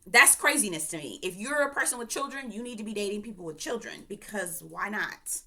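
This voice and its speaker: A woman from Florida reviewing a reality TV show in a casual, animated rant, often going off on tangents. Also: mid-range voice, a little fast. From Florida, USA. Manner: chatty, animated, goes off on tangents, frequent laughter.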